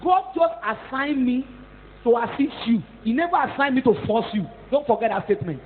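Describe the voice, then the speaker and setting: A Nigerian-accented woman pastor preaching a scolding, animated sermon, mixing in Pidgin and Yoruba and rising to shouts at times. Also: on the high side, quick pace. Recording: tinny phone-like echoey hall.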